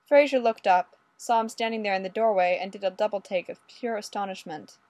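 A woman narrating a story aloud in a lively, expressive way. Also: medium pitch, brisk, dry recording. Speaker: audiobook reader.

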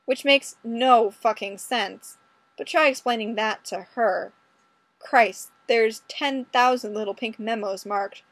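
A woman's voice: a little high, measured pace, no room sound. A woman reading a first-person story aloud in a wry, conversational manner. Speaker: audiobook reader.

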